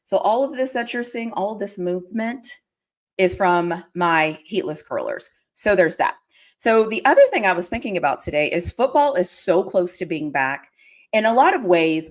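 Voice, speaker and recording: A young woman chatting casually on her livestream. Her voice swings widely in pitch, jumping up into excited squeals as she greets viewers. The talk is loose and rambling, full of fillers. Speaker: livestream host.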